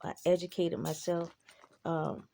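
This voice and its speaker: Slow, gravelly-voiced woman talking bluntly. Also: on the low side, level tone, mellow. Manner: blunt and profane, reflective storytelling. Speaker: vlogger. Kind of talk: casual monologue to camera.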